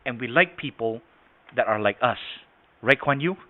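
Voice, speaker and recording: A male sales trainer running an online class, speaking at a middle pitch. He keeps checking that his listeners follow him. His voice comes through a thin, phone-like video call line. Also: expressive, normal speed. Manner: demonstrative, keeps checking understanding with the audience.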